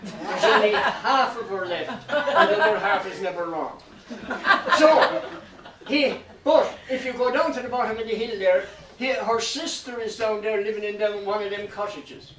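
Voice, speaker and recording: A high-voiced man spins a lilting nonsense folk tale to a live audience. He is picked up from a distance, so the hall echoes around him. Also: moderate pace, crowd noise. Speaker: storyteller.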